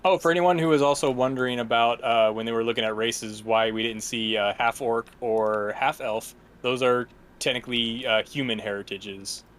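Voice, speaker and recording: A man's voice: mid-range voice, fairly even intonation, normal speed, fairly bright tone. A man co-hosting a casual podcast, explaining things hesitantly with many fillers. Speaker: podcast co-host. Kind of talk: casual chat.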